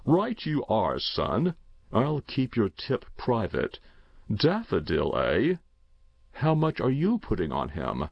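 A man's voice: on the low side, wildly swooping pitch, takes it slowly, vocal fry, no echo, exaggerated voice. A man doing a hearty, teasing uncle. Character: jovial amused middle-aged uncle, hearty and teasing. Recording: dull dry lo-fi recording.

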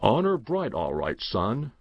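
A hearty, teasing middle-aged uncle with a laugh in his voice, as a man voices him in an audiobook. The pitch swoops up and down, with a gravelly texture. The audio is dry and slightly dull. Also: wildly swooping pitch, unhurried, dry recording, heavily acted.

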